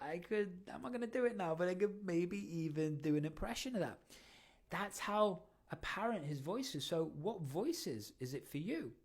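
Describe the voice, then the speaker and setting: A man hosting a motivational podcast, coaching listeners with energetic questions. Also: high voice. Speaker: podcast host.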